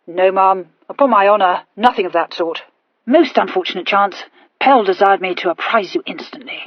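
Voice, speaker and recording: A woman doing a clipped, fussy gentleman. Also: medium pitch, moderate pace, no echo, lightly acted. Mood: flustered. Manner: clipped, breathless phrases with dropped words. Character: fussy middle-aged gentleman, clipped and punctilious. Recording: dull lo-fi dry recording.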